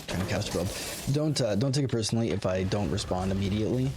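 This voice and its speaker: A fairly low-voiced man chats his way through a game stream, rambling and circling back with plenty of fillers. Steady background noise and keyboard clicks sit under his voice throughout. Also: fast. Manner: rambling, chatty, full of fillers and asides to chat. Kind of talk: casual live-stream commentary.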